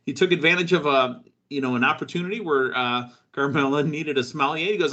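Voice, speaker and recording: A man's voice: a little high, fast talker, hardly any pauses, sharp tone, muffled recording. A man hosting a wrestling podcast, talking casually and joking with his co-host. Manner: chatty, joking, with fillers.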